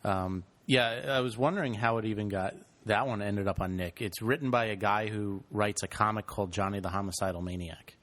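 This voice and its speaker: A man's voice: lowish voice, a little fast, hardly any pauses, fairly bright tone. A man co-hosting a podcast, trading dry, wry remarks in casual chat. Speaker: podcast co-host.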